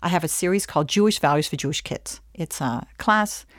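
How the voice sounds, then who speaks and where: A woman Jewish educator giving a lively lesson, acting out scenes as she tells stories. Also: lowish voice, fairly quick, no room sound, studio quality. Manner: animated storyteller acting out scenes. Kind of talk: lively teaching talk.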